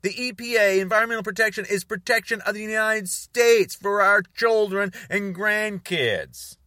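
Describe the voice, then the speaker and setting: A man's voice: high voice, moderate pace, sharp tone, no echo, studio quality. A man ranting to camera in a heated, exasperated and sarcastic monologue. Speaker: political commentator.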